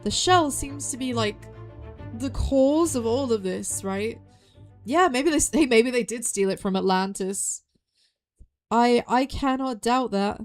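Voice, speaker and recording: A young woman streaming a game, thinking aloud in an excitable way and repeating her own phrases as she puzzles things out. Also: fairly high pitch, unhurried, faint music behind. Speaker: VTuber streamer. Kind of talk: live game stream commentary.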